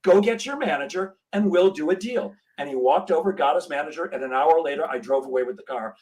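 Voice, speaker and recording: A middle-aged man tells a story with energy and acts out each voice. His pitch sits a little high for a man. He is a sales trainer talking as a guest on a podcast. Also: brisk, low-quality recording. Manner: animated storyteller, acts out dialogue.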